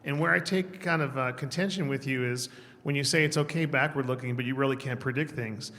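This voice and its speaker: A man's voice: mid-range voice, brisk, fairly bright tone. Guy in the crowd pushing back on the speaker, polite, stops to correct himself, hall echo. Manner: polite but argumentative, self-correcting. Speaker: audience member asking a question. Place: large conference hall. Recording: hall reverb.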